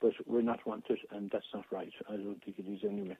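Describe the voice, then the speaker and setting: A man's voice: on the low side, expressive, a little fast, vocal fry, husky. Aggrieved man on a tinny phone line. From Ireland. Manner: aggrieved, rambling with many restarts and repetitions. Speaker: caller. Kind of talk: phone-in radio talk.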